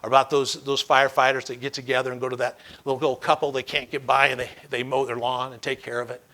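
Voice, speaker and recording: A man's voice: mid-range voice, little pitch movement, fast, pushed and bright. A man giving a motivational keynote speech, telling stories emphatically and acting out dialogue. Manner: emphatic storytelling with acted dialogue. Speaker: keynote speaker.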